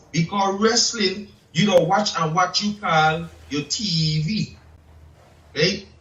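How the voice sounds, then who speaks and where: A man lectures in a slow, drawn-out way, his voice bright and a little high. He sits back from a dull-sounding mic in an echoey room, and keeps asking whether his listener follows. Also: far from the mic. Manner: slow, lecturing, asks "you check?". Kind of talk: casual chat.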